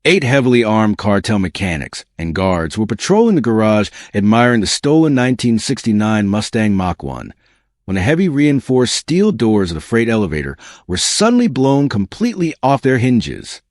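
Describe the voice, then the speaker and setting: A man's voice: on the low side, very animated, moderate pace, no echo, clean studio sound. A man reading a dramatic story as scripted narration with an intense delivery.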